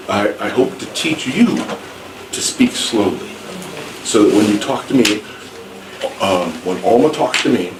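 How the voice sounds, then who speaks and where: A man teaching English slowly in an echoey classroom. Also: fairly low pitch. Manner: slow, clear, repeats and rephrases for learners. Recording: echoey room, distant mic, background noise.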